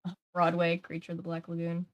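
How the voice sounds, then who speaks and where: A woman's voice: on the low side, completely flat delivery, fast talker, dull audio. A young adult woman on a livestream, chatting with viewers and reading a children's mystery book aloud. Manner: chatty, reacts to chat, reads aloud.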